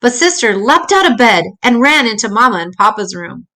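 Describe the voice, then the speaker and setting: An older woman, a grandmother storyteller, reading a children's picture book aloud in a gentle, expressive way with small slips. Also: fairly high pitch, normal speed.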